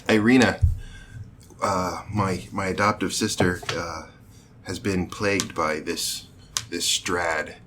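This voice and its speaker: A man's voice: low voice, steady tone, background noise. A man voicing a worried young nobleman who halts and stammers as he pleads for help. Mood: pleading. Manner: halting, stammering pleas.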